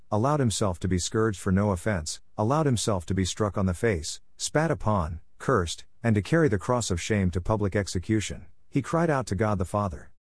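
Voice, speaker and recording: A man reads a devotional essay aloud, his voice sitting low and close with little room sound. His delivery is measured and earnest, steady from line to line. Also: no room sound. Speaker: reader.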